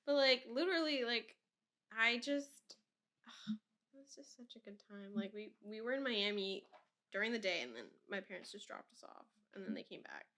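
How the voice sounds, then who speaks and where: A woman's voice: fairly high pitch, animated, moderate pace, a bit bright. A woman in her twenties hosting a podcast, chatting casually and rambling with lots of "like" and frequent laughter. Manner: rambling, heavy use of "like", laughs often. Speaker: podcast host. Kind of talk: casual chat.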